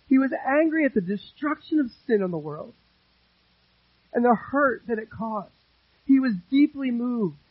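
A male pastor with a high, husky voice delivers an earnest sermon, hammering home repeated phrases and dropping from loud to hushed. The sound is dry and a bit muffled, with little room around it. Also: dry recording.

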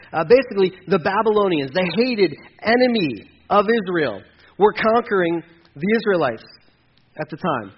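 A male pastor preaching a sermon in an animated way, acting out voices in quotes and sometimes dropping very soft. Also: high voice. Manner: animated, acts out voices of God and people in quotes, then drops to soft near-whispers. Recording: dull lo-fi sound with faint noise.

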